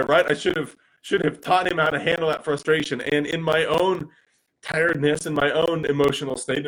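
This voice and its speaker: A man, telling personal stories as a father in an animated way, with frequent restarts. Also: fairly high pitch, rough recording. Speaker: speaker and father. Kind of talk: personal storytelling talk.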